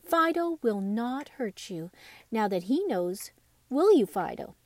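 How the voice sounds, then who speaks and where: A woman's voice: fairly high pitch, sing-song, takes it slowly, a little mellow, no echo. Cheerful boy rag doll, read by a woman.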